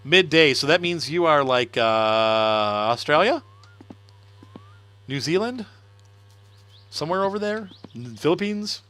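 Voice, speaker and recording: A man's voice: a little high, animated, slow, pauses often, bright, forceful tone. A middle-aged man chatting casually on a game livestream, laughing often and answering viewer comments. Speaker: gaming livestreamer. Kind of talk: casual live-stream chat while playing.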